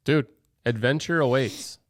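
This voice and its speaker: A man's voice: medium pitch, measured pace, no room sound. A young man from Wisconsin co-hosting a podcast, laid-back, tossing in dry one-liners. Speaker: podcast co-host. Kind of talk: casual chat.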